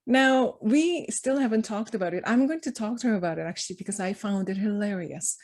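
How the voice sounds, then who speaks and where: A woman's voice: on the high side, fairly quick. A middle-aged woman presenting to an audience in a conversational way, telling family anecdotes and acting out quoted lines with frequent laughter. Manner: animated storyteller, acts out quoted lines, laughs often. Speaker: conference speaker.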